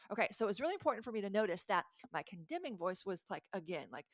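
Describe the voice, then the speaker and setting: Woman, life coach, earnest, animated, self-correcting, faith-based pep talk, medium pitch, dry recording. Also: quick pace, hardly any pauses, no room sound.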